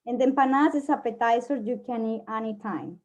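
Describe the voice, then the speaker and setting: A woman from Colombia with a Colombian Spanish accent, giving a casual presentation, often pausing with fillers while she searches for words. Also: on the high side, a little mellow. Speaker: guest presenter.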